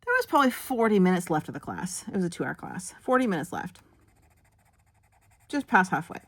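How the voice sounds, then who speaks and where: A woman hosting a coloring video, telling a long, animated story full of fillers and acted-out quotes. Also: fairly low pitch, brisk. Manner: drops to a whisper for asides while working. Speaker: coloring channel host. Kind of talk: chatty storytelling while coloring.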